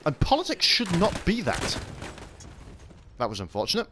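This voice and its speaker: A man's voice: a little high, wildly swooping pitch, moderate pace, background noise. A British man ranting sarcastically and swearing while giving casual gaming commentary, a little tipsy. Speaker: gaming channel host.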